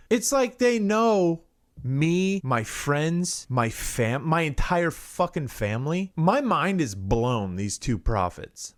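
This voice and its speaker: A man hosting a comedy podcast, delivering a sarcastic, mock-earnest monologue full of rambling asides and swearing. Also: on the high side. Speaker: podcast host.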